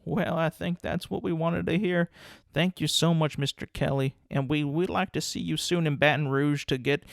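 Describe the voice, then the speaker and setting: A man's voice: a little high, fairly even intonation, normal speed, gravelly, dry recording, clean studio sound. A man playing a polite, fumbling college official. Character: polite male university official welcoming a coach. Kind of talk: comedic impression skit.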